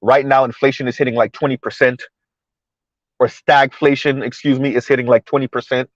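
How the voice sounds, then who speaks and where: A man's voice: mid-range voice, flat delivery, brisk, dry recording, muffled recording. A man giving casual commentary to his viewers while driving through floodwater, chatty, repeating himself and laughing often. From South Florida. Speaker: commentary vlogger.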